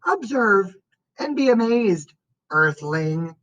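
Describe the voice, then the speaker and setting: A woman's voice: medium pitch, big pitch swings, takes it slowly, a bit bright, no room sound, rough recording. A woman voicing a small brainy boy who speaks in formal, dictionary-like phrases, in an audiobook reading. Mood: grandly playful. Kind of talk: audiobook character voice.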